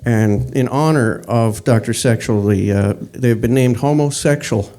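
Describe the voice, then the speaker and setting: A man performing deadpan one-liner stand-up, stumbling through his set with pauses and fillers. His voice is mellow and dark in tone, and he delivers the punchlines flatly. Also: mid-range voice. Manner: halting, rambling delivery with fillers. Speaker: stand-up comic.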